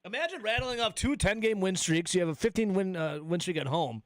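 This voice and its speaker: Sarcastic sports radio host, lively pitch. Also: male voice, no room sound, studio quality. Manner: mocking, sarcastic, drawn-out asides. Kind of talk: call-in sports radio talk. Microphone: studio microphone.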